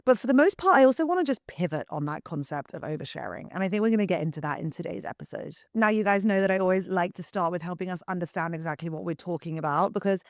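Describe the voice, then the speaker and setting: A young woman hosting a solo podcast, husky from the early morning, talking frankly to listeners as if to close friends. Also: lowish voice, expressive, quick pace, hardly any pauses, no room sound. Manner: candid, confiding, talks to listeners like friends. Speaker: podcast host and wellness coach. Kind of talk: chatty solo podcast monologue.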